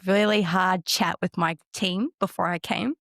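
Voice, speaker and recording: A woman, a guest in a casual conversation, telling a personal story in an animated way and acting out the voices of the people in it. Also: fairly low pitch, measured pace, no echo, studio quality. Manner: animated, acts out quoted dialogue.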